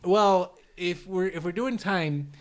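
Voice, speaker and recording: A man's voice: sits high, slow pace, voice pushed up. A man voicing a male hero who can undo things, with a Chicago accent and a rambling, thinking-aloud manner. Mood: musing.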